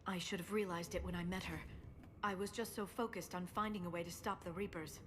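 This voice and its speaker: An actress voicing an earnest, worried young scientist in a video game, talking softly. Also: female voice, on the low side, brisk, lightly acted. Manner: soft and worried, self-doubting. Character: earnest young alien woman scientist, anxious. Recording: game audio over steady noise.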